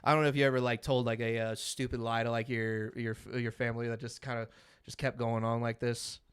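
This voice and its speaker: A man hosting a podcast in casual chat, excitable, laughing often and swearing freely. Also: mid-range voice, brisk, smooth, no echo, clean studio sound. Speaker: podcast host.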